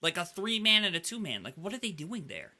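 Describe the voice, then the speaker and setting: A man hosting a casual gaming podcast, telling animated stories and filling his talk with "like". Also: high voice, brisk. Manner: animated storyteller, heavy use of "like". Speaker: podcast host.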